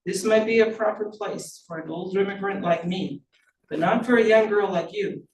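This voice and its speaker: Woman doing a warm old immigrant janitor. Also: medium pitch, moderate pace, natural voice. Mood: friendly. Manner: warm, friendly. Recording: roomy, distant mic.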